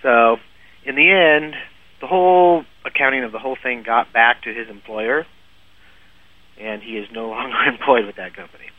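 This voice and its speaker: His voice sits in the mid range and moves at normal speed as he, a podcast guest, tells a long humorous story with plenty of laughter and restarted sentences. The sound is lo-fi, phone-like, and dry.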